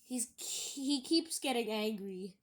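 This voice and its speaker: A woman talking casually in a video, reading out online comments and scoffing at them in halting, rambling sentences. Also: fairly high pitch, animated. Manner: halting, rambling, with many restarts. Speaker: YouTuber.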